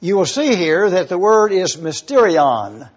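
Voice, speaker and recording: Bible teacher guy, slow and careful, spells stuff out letter by letter, kinda husky, muffled old recording. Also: high-pitched, very animated. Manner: deliberate, spells out words letter by letter.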